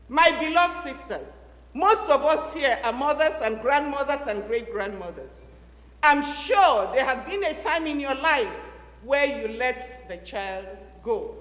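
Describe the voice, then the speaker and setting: Woman preaching, storytelling sermon, high lively voice, long church hall reverb. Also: measured pace. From Nigeria. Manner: storytelling sermon, acts out dialogue with swings of loudness.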